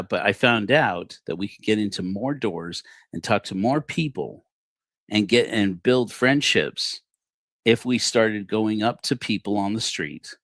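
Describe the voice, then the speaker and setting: A man in his forties telling a personal story on a livestream, acting out the dialogue with animated shifts in his voice. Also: on the low side, no echo, clean studio sound. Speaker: livestream host.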